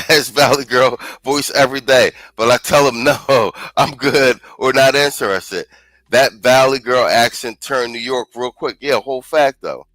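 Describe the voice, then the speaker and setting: A man's voice: medium pitch, a bit bright, no room sound, poor audio. Blunt slangy male show host. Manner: blunt, slangy, reads chat comments aloud. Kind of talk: casual commentary reacting to clips.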